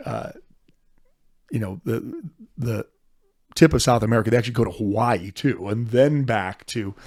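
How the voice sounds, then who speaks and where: Man, middle-aged, podcast co-host, earnest, gravelly, dry recording. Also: medium pitch, no room sound. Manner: earnest, animated, frequent restarts. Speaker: podcast co-host, church history professor. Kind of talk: casual history discussion.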